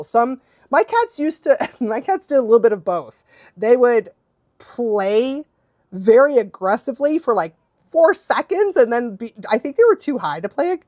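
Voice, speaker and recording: Animated, laughing woman streamer. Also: no echo, clean studio sound. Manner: animated, laughs often, acts out quotes in high voices. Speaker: dog trainer and livestream host. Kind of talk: casual livestream Q&A chat.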